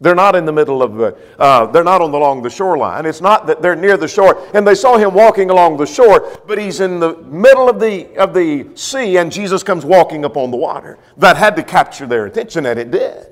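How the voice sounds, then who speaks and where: High-voiced man preaching in a reverberant hall. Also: lively intonation, fairly quick, few pauses. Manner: expository, guiding listeners verse by verse; swings between loud peaks and near-murmured phrases. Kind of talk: sermon.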